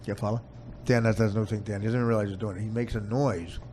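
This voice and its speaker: A man's voice: on the low side, steady tone, racing, mellow, a little hiss or hum. A man hosting a podcast, chatting casually with rambling, laughing asides. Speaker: podcast host.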